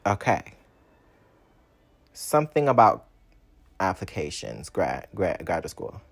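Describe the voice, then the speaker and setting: A young man talking through his own story in a casual, sassy monologue. He swears freely and swings between loud outbursts and low mutters. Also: wildly swooping pitch, slow pace, vocal fry, slightly rough.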